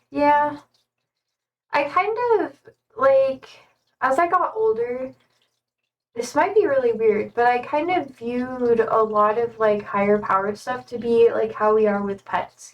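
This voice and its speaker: A young woman streamer rambles casually with lots of fillers, talking to her cats. Her voice is fairly high, picked up from a distance with the highs cut off.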